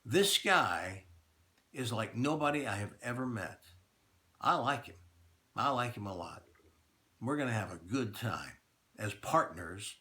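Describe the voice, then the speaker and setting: With a medium-pitched voice that's a bit bright, a middle-aged radio host talks plainly and directly to his audience in an announcement. He underlines his points by saying them again.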